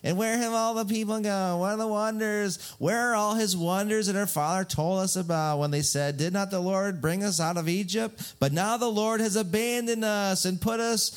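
A man's voice: high voice, steady tone, normal speed, hardly any pauses, clear, resonant tone, pitched above the performer's own voice, lightly acted. A man voicing a fearful, whiny young man, complaining in a nasal, pleading tone.

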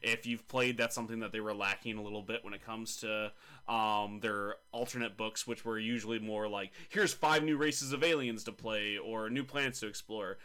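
A man's voice: fairly low pitch, steady tone, moderate pace, sharp tone, clean tone. A man hosting a casual podcast about tabletop games, chatty and jokey, teasing his co-hosts. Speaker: podcast host.

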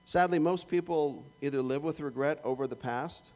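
A man's voice: on the high side, normal speed, darkish tone. A man with a Canadian accent preaching a sermon in a conversational, joking way, acting out little prayers and asides. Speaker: pastor.

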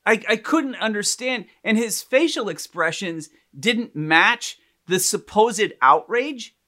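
A man in casual podcast conversation, telling an animated, rambling story with lots of restarts. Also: sits high, takes it slowly.

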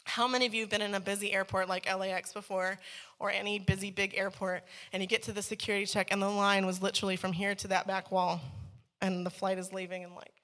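A woman sharing a personal faith testimony with a live audience in a room, telling her story with lively energy and acting out the dialogue. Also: mid-range voice, fast talker. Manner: animated storyteller who acts out quoted dialogue.

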